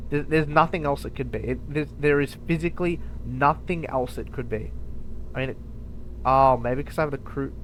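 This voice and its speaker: A man's voice: medium pitch, normal speed, fairly bright tone, no echo. A man giving live commentary over a space game, talking straight to his viewers, by turns muttering and exclaiming in exasperation. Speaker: gaming YouTuber.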